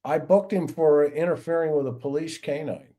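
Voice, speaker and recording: A man's voice: on the high side, moderate pace. A middle-aged man hosting a livestream, telling anecdotes from his years as a police officer and acting out the people in them. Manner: animated anecdotes with acted-out voices. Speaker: podcast host, retired police officer. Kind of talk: casual livestream storytelling.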